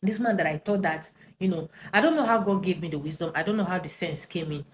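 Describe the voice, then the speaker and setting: Woman, lowish voice, animated personal story, lots of "right?" and fillers. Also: fast, slight background noise. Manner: animated, tag questions and fillers.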